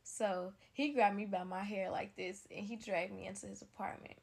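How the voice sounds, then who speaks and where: A young woman telling a story in a casual, blunt, animated way, talking straight to her viewers. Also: medium pitch, moderate pace, gravelly, a little hiss or hum.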